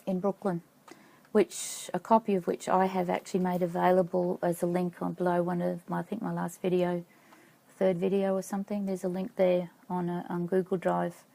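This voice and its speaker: A middle-aged woman telling a personal story to camera in a halting, reflective way, stopping now and then to check her notes. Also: on the low side, creaky, mellow, low-quality recording. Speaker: vlogger.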